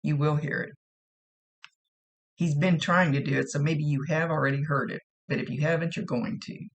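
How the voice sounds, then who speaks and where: A woman psychic medium giving a gentle, reassuring spoken reading to a viewer, often repeating herself. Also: low voice, steady tone, moderate pace.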